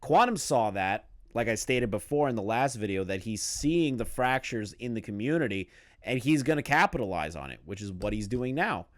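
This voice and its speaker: A young commentary host reacts to clips with a very lively, swooping voice. He is blunt and profane and keeps breaking into disbelief. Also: medium pitch, moderate pace. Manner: incredulous, profane, laughing in disbelief.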